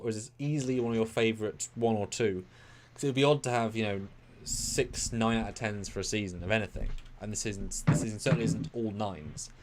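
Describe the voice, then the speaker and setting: A man co-hosting a live review stream, talking in rambling, analytical bursts that sometimes speed up. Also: mid-range voice. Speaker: co-host of a live review show. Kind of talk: casual live-stream discussion.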